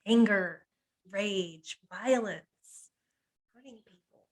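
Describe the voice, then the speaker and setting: Speaking extremely slowly at medium pitch, a woman hypnotherapist leads a personal masterclass on emotional pain, earnestly confiding and using her own experiences. In short, heavy phrases she lists painful feelings one by one, small laughs slipping through, and the recording is rough.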